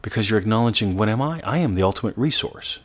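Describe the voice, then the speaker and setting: Husky deep-voiced man coaching. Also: lively intonation. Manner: earnest coaching, drops to slow, soft demonstrations. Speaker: manifestation coach. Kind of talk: motivational teaching talk.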